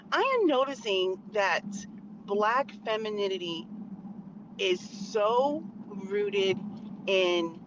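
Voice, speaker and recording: A married woman talks straight to her viewers from behind the wheel, emphatic and opinionated. Her voice comes through muffled and a little dull, with steady car and road noise running under every word. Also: on the high side. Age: adult, married. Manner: outspoken, emphatic, conversational. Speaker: channel host. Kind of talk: opinionated commentary vlog.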